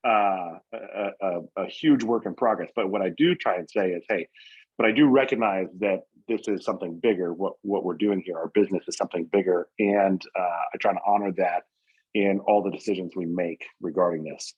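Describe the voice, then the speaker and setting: Low, husky-voiced man in an interview. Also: fairly even intonation, a little fast, dull audio. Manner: earnest, rambling with many fillers and restarts. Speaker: painting company owner, guest. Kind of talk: casual podcast interview.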